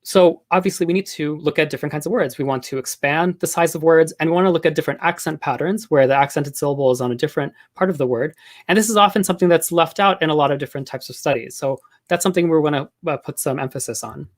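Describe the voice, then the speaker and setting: A man giving an academic talk on linguistics, measured and thoughtful, with frequent pauses and fillers. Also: on the high side. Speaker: linguistics lecturer.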